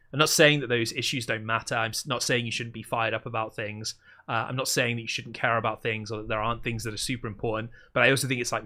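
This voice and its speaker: A man hosting a casual livestream, talking in a dry, deadpan way and rambling as he thinks aloud. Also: medium pitch. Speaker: livestream host.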